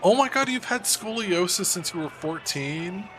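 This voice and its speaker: A man with a high-pitched voice and a moderate pace streams a game from his home standing desk, chatting casually and animatedly as he reads and answers viewers. A little hiss or hum and faint music can be heard behind him.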